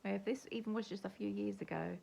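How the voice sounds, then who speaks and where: A woman's voice: medium pitch, fairly quick, gravelly, mellow. An older woman with an English accent, rambling chattily to camera in a casual home vlog. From England. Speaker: vlogger. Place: at home, indoors.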